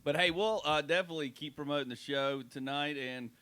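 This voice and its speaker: A man's voice: a little high, fairly quick, sharp tone, clear, resonant tone. A man hosting a radio comedy talk show, laughing often and bantering easily.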